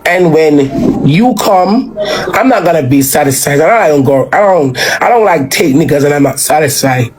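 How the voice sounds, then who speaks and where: A woman's voice: low-pitched, expressive, normal speed, darkish tone. A woman with a Jamaican accent, talking bluntly and casually on a live stream. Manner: blunt and unfiltered, drifting into Patois.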